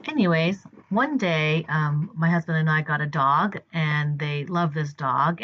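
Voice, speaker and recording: A woman with a fairly low voice tells a personal story in a chatty, rambling way, full of fillers. She acts out the dialogue as she goes. The recording sounds dull and lo-fi. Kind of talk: personal story told to camera.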